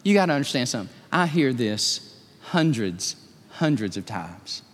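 Humble older woman baker, a man puts her on: quiet, gentle, sweet, soft delivery, hall echo. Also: mid-range voice, sing-song, normal speed, pitched below the performer's own voice.

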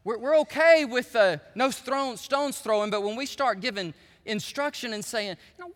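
A man preaching a sermon as pastor, folksy and animated, swinging from hushed asides to shouting. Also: extremely high pitch, normal speed, few pauses, big-room sound.

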